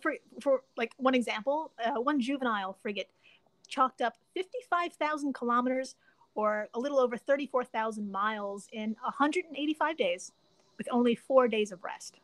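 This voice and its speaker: Excitable woman podcast host, dry sound. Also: a little high, moderate pace, no room sound. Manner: excitable, swears casually, laughs often. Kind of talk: casual podcast chat.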